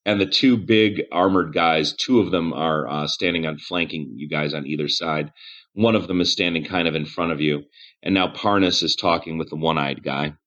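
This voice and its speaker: Game master, male, very low voice, dull lo-fi recording, loose and profane. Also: normal speed, fairly bright tone. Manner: casual, swearing, laughs often. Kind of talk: narrating a tabletop game.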